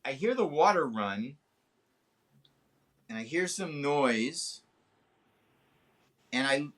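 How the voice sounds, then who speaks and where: A man in his seventies, a guest telling a long, animated story in an interview, swearing freely. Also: slow pace. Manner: animated, swearing, acts out quotes with big pitch jumps. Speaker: guest actor. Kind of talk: anecdotal storytelling in a podcast interview.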